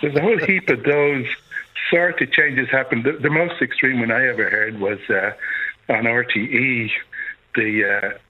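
A man's voice: medium pitch, normal speed. A man with a Dublin accent calling in to a radio show, chatty and rambling, laughing between points. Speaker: caller. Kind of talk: phone-in chat. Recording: husky voice over a phone line.

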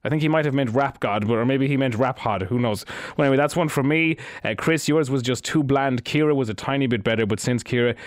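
A man's voice: mid-range voice, fast, hardly any pauses, dry recording. A man hosting a radio show, bantering playfully with mock boasts and plenty of fillers. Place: radio studio.

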